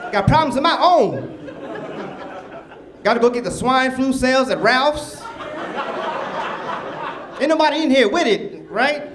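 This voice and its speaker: A man performing a stand-up comedy set in a club, loud and animated with the crowd. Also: very high voice, measured pace, long pauses. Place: comedy club stage before a live audience. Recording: noisy club recording with crowd. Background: audience laughter and cheering.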